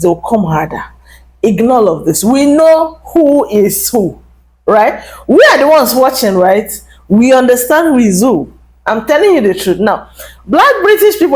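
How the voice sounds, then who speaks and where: A woman's voice: mid-range voice, low-quality recording. A young adult woman vlogger giving emphatic, casual commentary straight to her viewers. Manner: animated, emphatic, addresses viewers directly.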